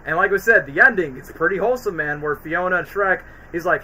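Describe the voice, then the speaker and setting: A man's voice: high voice, fast talker, few pauses, bright, forceful tone, a little hiss or hum, low-quality recording. A young man hosting a casual livestream, rambling in slangy speech full of "like" and "bro". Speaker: streamer host.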